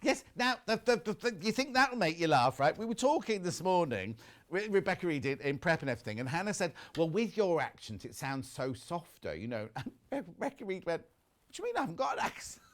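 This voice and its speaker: Lively chatty male TV presenter. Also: on the high side, a little fast. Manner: lively, gossipy, reads viewer messages aloud. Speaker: shopping channel presenter. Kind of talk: chatty live TV selling. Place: TV studio.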